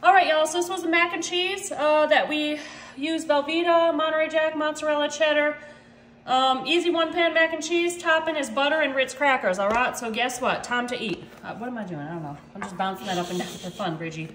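A woman's voice: high-pitched, a little fast, fairly bright tone, reverberant. A woman, chatting in an upbeat, casual way as she cooks in her home kitchen. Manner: chatty, upbeat, says "y'all" constantly. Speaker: home cook. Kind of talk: casual cooking video.

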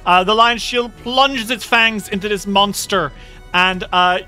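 A man's voice: high-pitched, measured pace, bright, forceful tone, clear, resonant tone, soft background music. A man running a tabletop game as game master, narrating combat vividly and reacting with groans at bad rolls. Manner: friendly, descriptive, reacts with groans.

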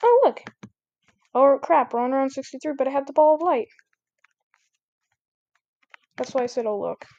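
A woman giving casual, chatty commentary over her gameplay, getting excitable and repeating exclamations when things get tense. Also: sits high, moderate pace, long pauses, no echo, lo-fi sound.

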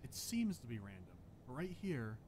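A man narrating a scripted game review video with dry, deadpan commentary. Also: mid-range voice, normal speed, noisy background.

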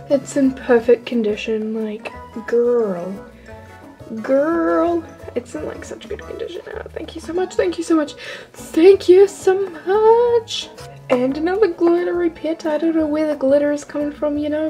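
Excitable teen girl vlogger, high mellow voice, rambling haul talk, faint music underneath. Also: moderate pace, low-quality recording. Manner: gushing, rambling, lots of "like" and "oh my gosh". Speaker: toy collector vlogger.

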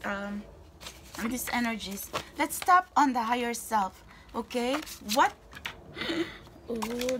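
A woman giving a casual tarot reading to her viewers, gushing and excitable, repeating herself and calling them guys. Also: a little high, noisy background. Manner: gushing and excitable, often breaking into squeals and whispers. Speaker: tarot card reader.

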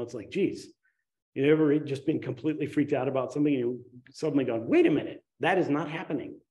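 A man giving a conversational dharma talk as a meditation teacher, telling stories with sudden excited rises. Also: mid-range voice.

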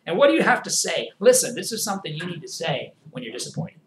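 A man preaching a sermon as pastor, swinging between forceful emphasis and hushed, quiet passages. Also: sits high, very animated, fast, echoey room, slight background noise, rough recording.

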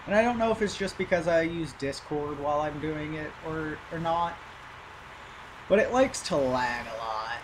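A man giving casual, rambling gameplay commentary as a gaming YouTuber, easygoing and full of filler. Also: a little high. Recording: loud game engine noise behind. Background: truck engine and game sounds.

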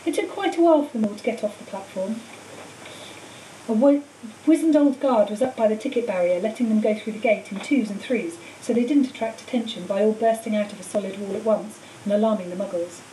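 A woman's voice: mid-range voice, a little fast, mellow. Woman teacher reading a storybook. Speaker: teacher reading a book aloud. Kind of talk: storybook read-aloud. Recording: echoey room, far mic, faint hiss.

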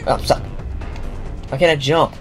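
A young man comments on a video game while playing it, cracking jokes and retorting to the characters with game music behind him. He talks at normal speed with a fairly high pitch and fairly even intonation.

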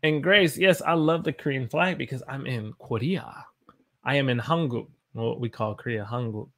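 An upbeat English teacher from the American South reads his stream's chat comments aloud with playful voices. He speaks at a moderate pace in a medium-pitched, fairly bright voice.

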